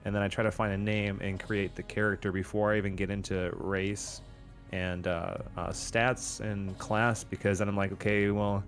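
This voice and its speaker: A man in casual chat about tabletop role-playing, talking in an animated way and slipping into character voices. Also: on the low side, moderate pace, soft background music. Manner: animated, slips into character voices mid-sentence. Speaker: podcast co-host and tabletop player.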